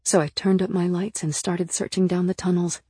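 A woman narrating a first-person audiobook in an earnest, lively storytelling manner. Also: fairly low pitch, moderate pace, husky, no echo, studio quality.

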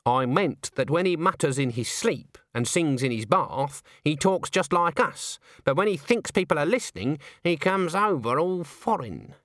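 A man voicing a stern, sharp-tongued old witch woman who snaps commands. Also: fairly high pitch, expressive, moderate pace, hardly any pauses, no room sound, clean studio sound, voice pushed up.

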